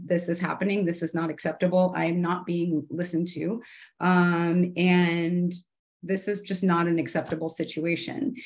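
A middle-aged woman, a former television showrunner, chatting in an interview and acting out her past dialogue in a brighter voice. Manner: animated, chatty, acts out her own past dialogue in a higher voice. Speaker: podcast guest, television showrunner turned artist. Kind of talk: casual interview storytelling.

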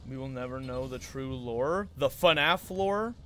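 A man's voice: mid-range voice, animated, a little slow, fairly bright tone, a little hiss or hum. A young man chatting casually and jokingly while live-streaming a speedrun, often laughing.

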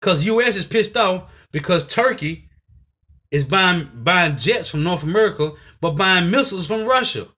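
A man with a high voice preaches to his listeners. He is emphatic and keeps tossing in "man" and "right?" as he drives each point home. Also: lively intonation, normal speed, pushed and bright, husky. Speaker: bible teacher. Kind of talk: preaching commentary.

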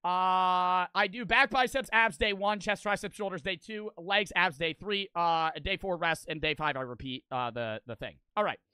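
A male streamer chatting casually and profanely with his viewers. His voice is high, bright and clear. The sound is dry and close, with no room echo. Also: moderate pace, hardly any pauses. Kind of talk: livestream chat, reading donations.

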